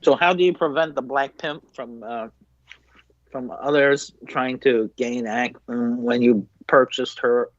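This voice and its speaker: Brief: male co-host, halting questioner, muffled lo-fi mic. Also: medium pitch, fairly even intonation, no echo. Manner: halting questions with many fillers. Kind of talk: casual chat. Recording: dry, dull lo-fi mic.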